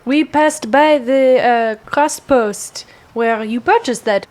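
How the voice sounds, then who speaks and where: A woman's voice: fairly high pitch, takes it slowly, darkish tone. A woman playing in a tabletop game, polite and helpful. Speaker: player. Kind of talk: tabletop role-play.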